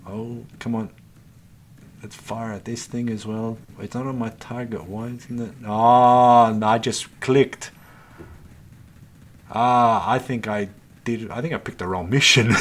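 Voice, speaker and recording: A man hosting a gaming channel, giving an exasperated, swear-filled running commentary as he plays and talks to himself and to his viewers. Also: mid-range voice. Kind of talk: live gameplay commentary.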